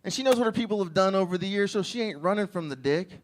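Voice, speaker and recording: A man's voice: high-pitched, animated, quick pace. A man doing a crude stand-up set, telling stories and laughing at his own jokes. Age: adult with a child. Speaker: stand-up comedian.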